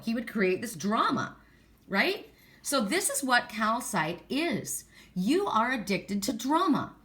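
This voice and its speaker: A middle-aged woman giving a casual oracle card reading, chatty and animated, telling stories and laughing as she talks. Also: a little high, unhurried.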